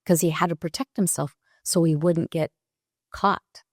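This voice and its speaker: A woman in her sixties, a podcast guest, telling a personal story in a halting, reflective way with pauses and restarts. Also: lowish voice, steady tone, dry recording, clean studio sound.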